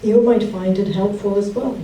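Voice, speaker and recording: A woman giving a memorial speech for her late husband, telling warm stories and laughing often. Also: medium pitch, steady tone, moderate pace. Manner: fond, storytelling, laughs often. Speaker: widow giving a eulogy. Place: memorial gathering in a hall. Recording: distant, roomy hall sound with faint background noise.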